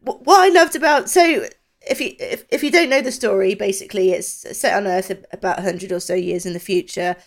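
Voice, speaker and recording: A woman co-hosting a podcast, describing a book in casual chat and often pausing to find her words. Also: medium pitch. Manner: hesitant, with many pauses and fillers. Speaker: podcast co-host.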